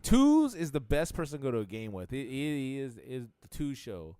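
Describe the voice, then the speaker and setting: A man's voice: medium pitch, wildly swooping pitch, brisk, dark tone, smooth, dry recording, studio quality. A young man co-hosting a podcast, telling a profane, laid-back story in casual chat. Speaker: podcast co-host.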